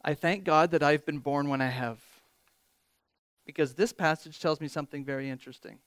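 A man preaching a sermon as pastor, animated, reading scripture with rising emphasis and joking about himself. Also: a little high, a little fast, no room sound. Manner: animated, quotes scripture with rising emphasis, self-deprecating humor.

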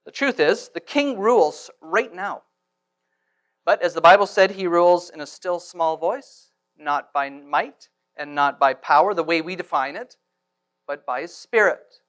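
A man preaching a sermon in church, swinging from hushed to loud and asking rhetorical questions. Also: a little high, measured pace. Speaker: pastor.

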